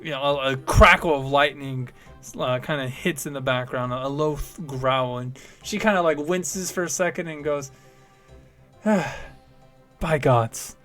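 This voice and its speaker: A man narrating a live-streamed tabletop game as game master, loose and casual, with plenty of fillers. His voice sits a bit high for a man. Faint music plays underneath. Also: moderate pace, pushed and bright.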